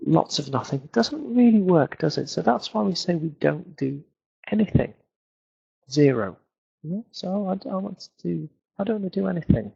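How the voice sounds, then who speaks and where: A man's voice: a little high, animated, moderate pace, gravelly, breathy edge, highs cut off. A British man teaching English in a webinar lesson, explaining points and repeating words to show where the stress falls. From Britain.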